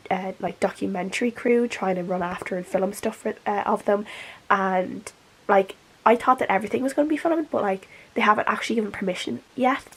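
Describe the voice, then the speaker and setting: Stuffy-nosed young woman chatting with a husky voice. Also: mid-range voice, low-quality recording. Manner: chatty, many ums and uhs, rambling. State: stuffy nose from a cold. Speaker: book vlogger. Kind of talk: casual vlog chat. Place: her room at home. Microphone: camera.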